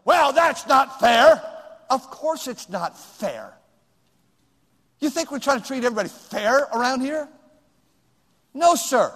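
Male pastor, high-pitched, sermon, shouts then hushes, long reverb. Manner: lively preaching, swings from shouting to hushed.

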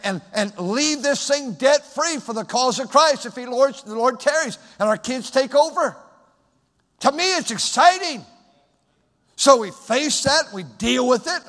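A man preaching a sermon as pastor, swinging from loud, shouted emphasis to soft, hushed speech. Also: very high-pitched. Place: large church sanctuary. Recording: long hall reverb.

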